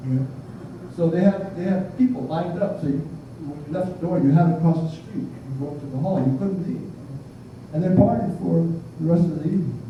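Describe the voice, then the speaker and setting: A man's voice: a little high, a little fast, slight background noise. An older man, a Buddhist minister, giving a blunt, humorous sermon in a conversational storytelling way. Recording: echoey hall, distant, muffled.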